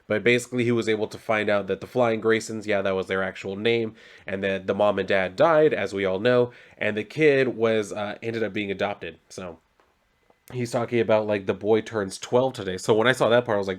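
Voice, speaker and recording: A man's voice: fairly low pitch, a little fast. Laid-back man recapping a comic. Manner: loose and rambling, lots of fillers like "so" and "like". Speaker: comic book reviewer.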